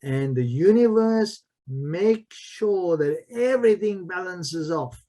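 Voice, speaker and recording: With a high-pitched yet dark-toned voice, a martial arts master and spiritual mentor tells stories slowly in a podcast interview. His intonation is lively, and he's emphatic, repeating key phrases.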